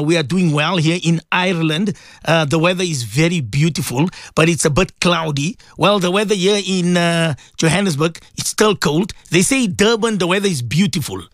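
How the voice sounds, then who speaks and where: A man's voice: high-pitched, a bit bright, no echo, studio quality. A middle-aged man, chatting casually on morning radio and reading out listener messages, with many fillers and repeats. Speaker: radio presenter.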